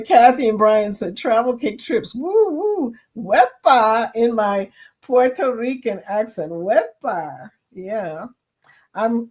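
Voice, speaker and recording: A woman's voice: fairly high pitch, a little mellow. A middle-aged woman hosting a casual live chat, reading viewer comments aloud, chatty and silly and laughing often. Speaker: livestream host.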